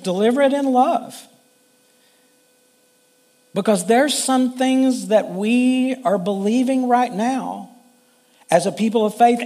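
Slow-talking high-voiced male pastor. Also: a little mellow. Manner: earnest, conversational preaching with frequent restarts. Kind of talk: sermon.

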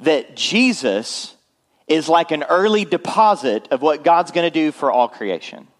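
A man's voice: on the high side, expressive, a little slow. Guy preaching a sunday sermon, chatty, keeps asking the room if they're with him. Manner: conversational, checks in with the congregation often. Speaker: pastor. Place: church.

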